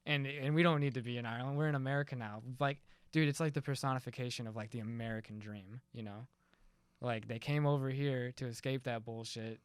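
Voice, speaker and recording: A man's voice: medium pitch, steady tone, fairly quick, clean tone, no room sound, studio quality. A young man co-hosting a podcast, talking in a loose, rambling way with lots of fillers. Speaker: podcast co-host. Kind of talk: casual chat.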